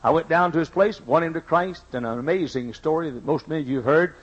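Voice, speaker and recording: A man's voice: fairly high pitch, fast talker, slightly rough, dull audio. An older man preaching a sermon, telling stories emphatically and repeating his key lines, with folksy asides. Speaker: pastor. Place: church sanctuary.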